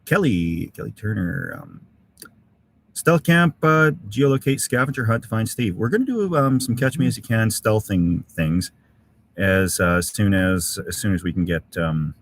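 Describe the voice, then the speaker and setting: A man's voice: lowish voice, sing-song, normal speed, vocal fry. A middle-aged man hosting a casual live stream from a winter campsite, reading out viewer comments and thanking people with lots of uhs and ums. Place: outdoor winter camp in severe cold.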